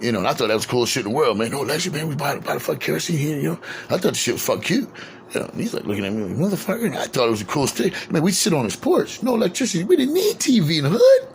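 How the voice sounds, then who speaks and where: Gravelly guy rattling off old hood stories quick, cussing a lot, lots of fillers. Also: fairly high pitch, very animated, a little hiss or hum. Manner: slangy, profane, rambling with many fillers. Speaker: storyteller recalling his neighborhood. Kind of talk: casual spoken memoir.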